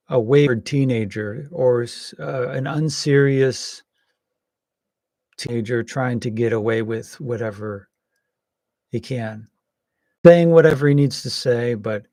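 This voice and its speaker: A man giving casual, rambling political commentary, hesitant with many pauses and some wry jokes. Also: medium pitch, gravelly, a little mellow, no room sound, clean studio sound. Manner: wry and joking.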